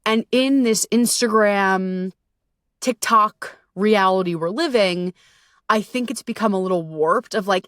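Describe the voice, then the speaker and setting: A woman's voice: mid-range voice, normal speed, a bit bright, dry recording, clean studio sound. A woman hosting her own podcast, telling a story in a candid, casual way, full of swearing and fillers like "you know" and "like". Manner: candid, profane, conversational with frequent fillers. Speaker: podcast host and self-love coach.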